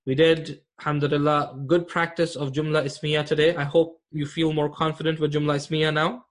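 A man's voice: on the high side, little pitch movement, fairly quick. A man teaching an online Arabic grammar class, explaining patiently and often checking that students follow.

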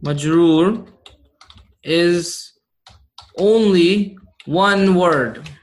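A high-pitched man gives a grammar lesson to his class. He speaks slowly and repeats each point, and he keeps checking that his students follow along. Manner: repeats key points and checks understanding with "right?" and "okay?". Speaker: Arabic grammar teacher.

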